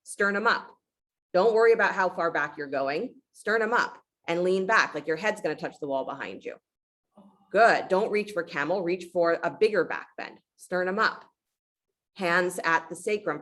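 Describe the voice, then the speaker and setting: A woman yoga teacher guiding a class with calm, encouraging short cues, then reflecting on letting go in a storytelling way. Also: lowish voice, moderate pace. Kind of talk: guided yoga class instruction.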